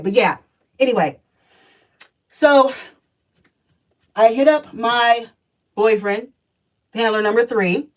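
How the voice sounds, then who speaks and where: A woman in her thirties tells her story in a casual vlog, blunt, profane and emphatic. Her voice sits a little high and sounds somewhat distant from the mic. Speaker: spiritual energy reader.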